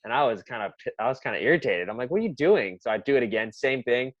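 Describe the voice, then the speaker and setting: A man's voice: mid-range voice, very fast, fairly bright tone, no room sound, highs cut off. A man who coaches basketball, chatting casually on a podcast and telling practice stories as he acts out his players' reactions.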